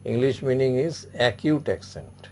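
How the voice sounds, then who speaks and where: A man's voice: mid-range voice, very animated, measured pace, dark tone, a little hiss or hum. A man teaching an online French class, patiently repeating each word and example several times. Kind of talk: online language lesson.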